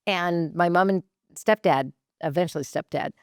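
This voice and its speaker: A woman therapist from Massachusetts, a guest in a casual podcast interview. Her voice sits fairly low, and she is animated, laughing often as she tells stories. The recording is dry and close. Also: normal speed, no room sound.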